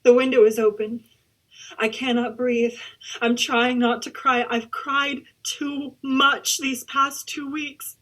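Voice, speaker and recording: A woman acting a grieving young woman making a hushed, tearful confession in a letter. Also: fairly high pitch, steady tone, a little slow, long pauses. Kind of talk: theatre monologue over video call.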